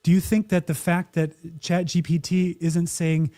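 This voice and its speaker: Wry, mellow-voiced man. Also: on the high side, little pitch movement, a little slow. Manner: wry, opinionated, acts out quotes. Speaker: podcast co-host. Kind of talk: casual podcast chat.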